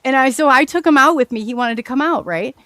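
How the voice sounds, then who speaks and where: Animated rambling woman, dry close sound. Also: high-pitched, fast talker, no room sound. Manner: animated, rambling, frequent restarts and self-corrections. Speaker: guest telling her experiencer story. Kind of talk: casual spoken storytelling.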